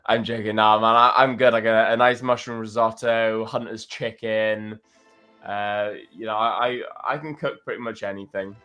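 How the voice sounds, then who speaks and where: A man's voice: lowish voice, fairly even intonation, moderate pace, pushed and bright, clean tone, faint music behind. A man co-hosting a livestream, trading teasing banter and laughing often. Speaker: livestream co-host. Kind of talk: casual chat.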